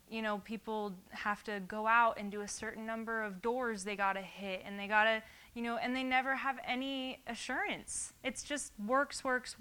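Bright, clear-voiced woman teaching scripture. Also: medium pitch. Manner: earnest, conversational, reads scripture aloud. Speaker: Bible study teacher. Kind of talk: informal sermon.

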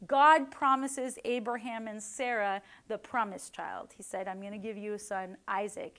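A woman's voice: on the high side, clear, resonant tone. A woman giving a casual devotional Bible teaching in a chatty way, tagging "right?" and "like," and acting out the people she quotes. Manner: chatty, many "like" and "right?" tags; acts out quoted people with lively voices.

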